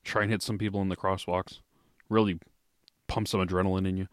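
A man's voice: low-pitched, little pitch movement, fairly quick, no echo. A man co-hosting a podcast, reading listener questions and cracking dry, sarcastic jokes. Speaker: podcast co-host. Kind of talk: casual chat.

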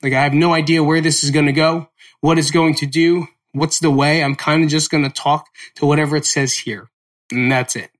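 A man's voice: a little high, steady tone, fairly quick. A man in his forties from New Jersey hosting a solo podcast, talking candidly and rambling, with frequent swearing. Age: 40s. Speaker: podcast host.

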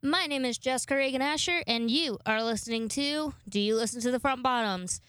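A woman's voice: high-pitched, fairly quick, a bit bright, clean tone, no room sound. A woman in her twenties hosting a podcast into a microphone, chatting in a rambling way and swearing freely. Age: 20s. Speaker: podcast host. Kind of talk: casual podcast monologue.

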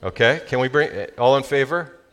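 A male pastor with a Southern California accent preaching a sermon, animated and joking with his congregation. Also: medium pitch, moderate pace.

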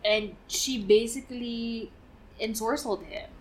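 A woman's voice: on the high side, fairly even intonation, measured pace, slight background noise. A woman co-hosting a casual podcast, retelling an epic with laughter and acting out the characters' lines. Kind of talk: casual chat, storytelling.

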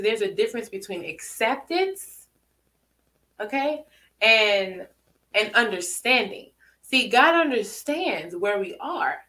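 Woman preacher, kinda high voice, keeps asking "right?". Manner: emphatic call-and-response asking "right?"; swoops high for emphasis, drops soft. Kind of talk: sermon.

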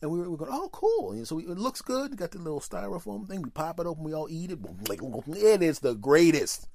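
A man hosting a podcast, telling a story as a comedic monologue, animated and profane, acting out the people in his stories. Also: sits high, very fast, gravelly, dry recording, studio quality. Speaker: podcast host.

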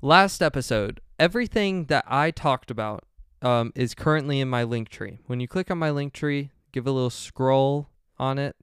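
A young man talks through a solo podcast episode, often stopping to correct himself and filling gaps with ums. His voice is very smooth and clear, and it sits dry and close with no room sound. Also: mid-range voice, moderate pace, few pauses, no room sound. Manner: rambling, self-correcting, many fillers. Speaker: podcast host.

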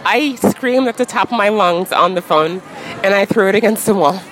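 A woman in her thirties speaking frankly in a casual street interview, full of "like" and quick laughs. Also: medium pitch, fairly bright tone, poor audio. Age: 30s. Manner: frank, chatty, peppered with "like" and laughs. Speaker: interview guest. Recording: crowd noise outdoors.

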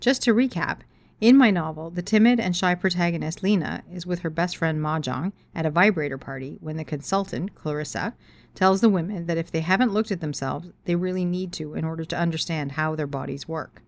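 A woman author reading her own story aloud, frank and expressive, swearing freely. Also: fairly low pitch, a little fast. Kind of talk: storytelling reading of memoir and novel.

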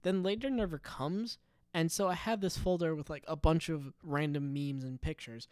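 Rambling man on a dry, clear mic. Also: on the high side, fairly even intonation, normal speed, darkish tone, no room sound. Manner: meandering, self-interrupting, giggly. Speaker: podcast host. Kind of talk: rambling solo podcast. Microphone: studio microphone.

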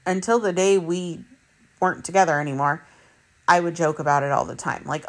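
A woman's voice: lowish voice, moderate pace. A woman in her thirties, a mother, talking bluntly to her viewers about relationships, swearing freely and repeating points for emphasis. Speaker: vlogger. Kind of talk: candid personal monologue.

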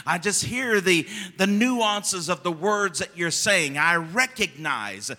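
A man pastor preaching a fervent sermon, rising to loud emphasis and dropping to quiet asides. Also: fairly high pitch, sing-song, takes it slowly, few pauses, big-room sound.

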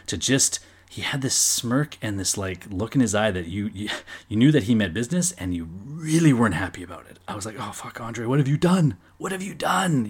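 A middle-aged man telling a story in a casual monologue, animated and swearing freely, now and then acting out loud bursts. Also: on the low side, husky. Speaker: storyteller recalling watching wrestling as a kid.

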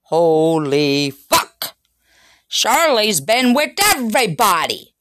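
A woman's voice: lowish voice, big pitch swings, slow pace, noisy background, voice pushed down. A woman voicing a blustering, cursing father who lays down the law to his son. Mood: shocked. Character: gruff protective father, middle-aged man.

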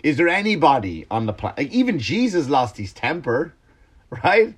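A man's voice: a little high, moderate pace, husky. Rambling, swearing male comedian ranting. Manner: animated, swearing, rambling with restarts. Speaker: comedian podcaster. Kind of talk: casual ranting monologue.

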